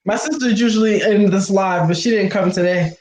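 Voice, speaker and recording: A woman chatting casually as co-host of a live video stream, self-deprecating and animated when she retells what people said. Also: mid-range voice, fairly quick. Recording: roomy with faint background noise.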